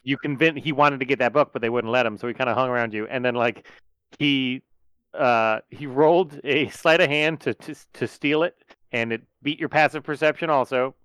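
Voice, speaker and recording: A man's voice: medium pitch, normal speed, fairly bright tone, smooth, no echo, rough recording. A man who ran a tabletop game, chatting casually and explaining what happened in it, with many restarts. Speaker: game master. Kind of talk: casual chat.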